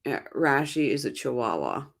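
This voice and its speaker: A very deep, gravelly, sing-song voice at a moderate pace belongs to a woman hosting a casual true crime stream. She's running on little sleep, chatting and sharing opinions as she reacts to comments, rambling and restarting along the way.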